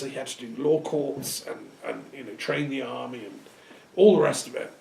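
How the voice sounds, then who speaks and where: A man giving an informal philosophical talk, rambling and discursive with many pauses and restarts. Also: mid-range voice, creaky, a little mellow, far from the mic, a little hiss or hum. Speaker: philosophy lecturer. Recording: echoey room, speaker off-mic.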